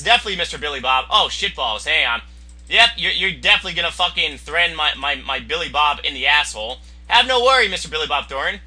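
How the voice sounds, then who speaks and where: Young male gamer, high bright voice, lively swings; crude, excitable play-by-play commentary. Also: breathy edge. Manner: excitable, crude, yelling at opponents. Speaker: gameplay commentator. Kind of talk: profane live gameplay commentary.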